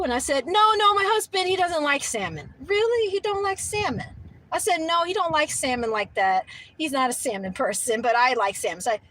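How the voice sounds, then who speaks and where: A middle-aged woman telling a story in a casual, animated way, laughing often, her voice shooting up high when she is outraged. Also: low-quality recording.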